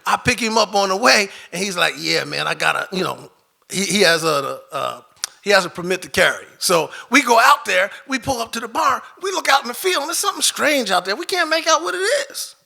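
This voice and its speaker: A man telling a personal story live on stage into a microphone, animated, swinging from loud outbursts to hushed moments. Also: high voice, brisk, gravelly. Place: stage before an audience.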